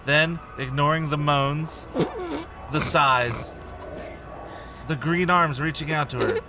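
A man's voice: a little high, slow, loud music behind the voice. A man reading a children's horror story aloud to friends, stumbling over words and laughing as he goes. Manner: lively narration, stumbling and laughing. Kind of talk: casual group read-aloud.

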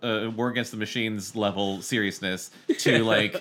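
A man's voice: on the low side, moderate pace. A man co-hosting a podcast, reading aloud and joking, laughing often. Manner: animated, laughs often, jokes over the reading. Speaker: podcast co-host. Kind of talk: casual chat and read-aloud.

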